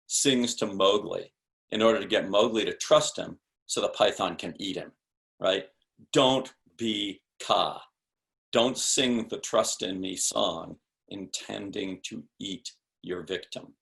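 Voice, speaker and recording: A man's voice: lowish voice, vocal fry, a bit bright. A man speaking as a sales expert guest in a podcast interview, explaining in an emphatic, punchy coaching tone with rhetorical questions.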